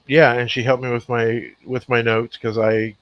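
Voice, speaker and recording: A man's voice: medium pitch, little pitch movement, moderate pace, no echo. A man, chatting loosely on a podcast and telling stories in fits and starts. His voice comes through a dull, lo-fi line. The sound is dry and close, with no room around it. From Nova Scotia, Canada. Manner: rambling, stop-start storytelling. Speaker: podcast co-host. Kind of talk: casual chat.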